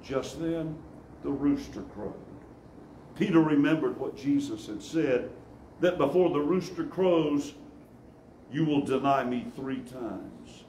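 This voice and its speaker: A man preaching a sermon, reading scripture as a dramatic story and dropping low and quiet on solemn lines. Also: slow pace, slight background noise. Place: church sanctuary. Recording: echoey church room, faint ambience.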